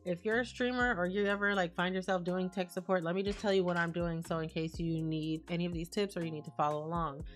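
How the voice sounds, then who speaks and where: A woman's voice: on the low side, steady tone, fast talker, hardly any pauses, faint music behind. A woman streaming live, chatting casually and reading out and answering messages from her chat. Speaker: livestreamer.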